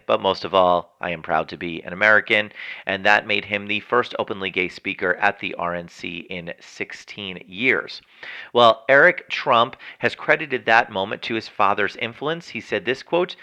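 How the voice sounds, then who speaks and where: A man hosting a news commentary segment, reading stories and adding his own chatty, opinionated remarks. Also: medium pitch. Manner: chatty, editorializing, animated. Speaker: news show host.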